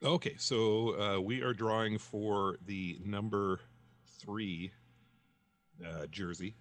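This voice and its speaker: A man with a very low voice co-hosting a loose, casual chat. He rambles with plenty of ums and false starts as he tells a joke. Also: steady tone, slow. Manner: rambling with many ums and restarts; joke-telling. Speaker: podcast co-host.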